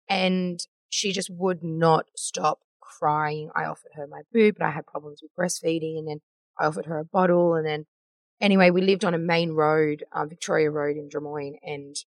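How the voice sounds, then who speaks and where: A woman in her thirties hosts a candid podcast chat, her voice sitting low with a gravelly, fry-laden texture. She rambles with feeling and quotes her own past thoughts. The sound is close and dry. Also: no echo. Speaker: podcast host. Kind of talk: candid conversational interview.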